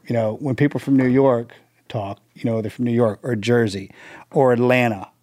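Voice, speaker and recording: A man's voice: medium pitch, steady tone, moderate pace, darkish tone, no room sound. A man with a Texan accent, co-hosting a podcast in a friendly, rambling way with restarts. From Texas. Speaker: podcast co-host. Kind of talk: casual interview chat.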